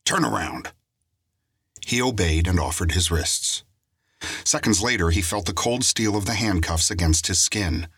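Deep husky male audiobook narrator. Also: moderate pace, fairly bright tone, no room sound, clean studio sound.

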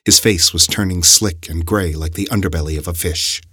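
A man narrating an audiobook story with expressive, dramatic delivery. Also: low-pitched, brisk, few pauses, slightly rough, dry recording, clean studio sound.

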